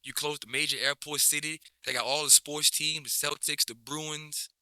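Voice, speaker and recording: A man's voice: fairly high pitch, normal speed, clean tone, no echo. Laid-back man rambling with restarts. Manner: relaxed, rambling, many restarts and slang. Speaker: basketball coach, guest. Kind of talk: casual interview chat.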